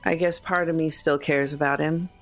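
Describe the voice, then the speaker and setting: A woman's voice: sits low, fairly even intonation, normal speed, soft background music. A woman playing a tabletop role-playing game, speaking earnestly as her character. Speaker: player.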